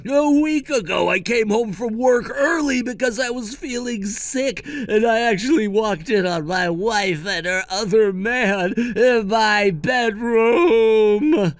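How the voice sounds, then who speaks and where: A man's voice: a little high, sing-song, takes it slowly, dry recording, heavily acted. A man voicing a selfish, entitled adult brother who talks bluntly, in a dry recording with faint music behind. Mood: upset. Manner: blunt and entitled, turns pleading and shouting.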